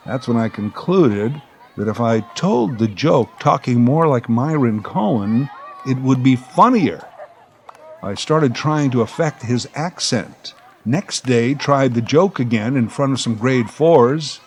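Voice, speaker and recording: Dry self-mocking storyteller. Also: male voice, mid-range voice, big pitch swings, unhurried, slight background noise. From Canadian prairies. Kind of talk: scripted comic memoir narration.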